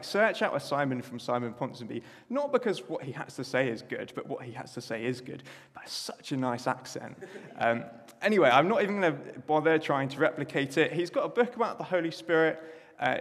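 Chatty preacher in echoing church. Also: male voice, mid-range voice. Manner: chatty, self-deprecating asides. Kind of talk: sermon. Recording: echoey church hall.

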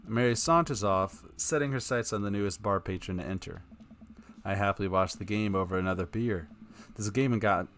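A man's voice: lowish voice, a little fast, a bit bright, a little hiss or hum. A man streaming live, reading a text adventure aloud in a casual tone with wry asides.

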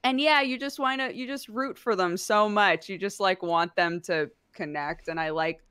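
A woman's voice: mid-range voice, moderate pace, bright, forceful tone, smooth, dry recording, studio quality. A woman co-hosting a podcast, chatting casually with many fillers and laughing asides. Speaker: podcast co-host. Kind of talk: casual chat.

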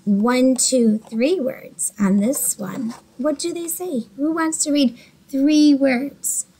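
A woman teacher giving a slow, patient, encouraging early reading lesson, talking to young children by name. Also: sits high, mellow, low-quality recording.

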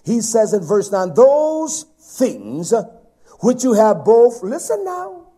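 A man preaching a sermon, swinging from loud emphatic lines down to soft whispers. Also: high voice, big pitch swings, slow pace, husky.

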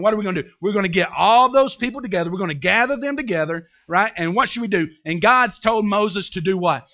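A man's voice: high-pitched, animated, brisk, hardly any pauses, lo-fi sound. A man preaching a sermon as pastor, telling the story with humor and acting out the characters.

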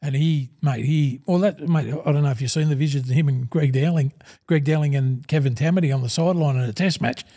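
Gravelly Australian older man. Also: a little high, fast, hardly any pauses, mellow. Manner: rambling and blokey, peppers talk with "mate". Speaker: guest, former rugby league forward. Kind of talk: casual storytelling in a podcast interview.

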